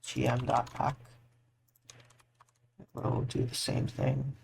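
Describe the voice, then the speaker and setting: A man's voice: mid-range voice, monotone, takes it slowly, creaky, darkish tone. A tired man giving a casual, rambling screen-recorded tutorial, full of fillers and restarts. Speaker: modding tutorial maker.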